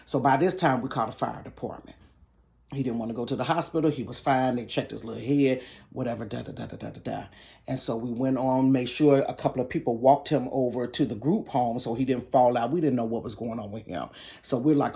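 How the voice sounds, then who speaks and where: A man telling a casual storytime tale from his bedroom, chatty and animated, filling gaps with "da, da, da" and dropping into whispers. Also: mid-range voice, fairly quick.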